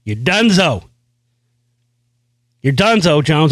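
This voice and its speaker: A man's voice: a little high, expressive, moderate pace, no room sound. A man hosting his own show, delivering a brash, boastful, profane rant full of repeated phrases. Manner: brash, boastful, heavy swearing, repeats himself. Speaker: show host. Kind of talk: profane ranting monologue.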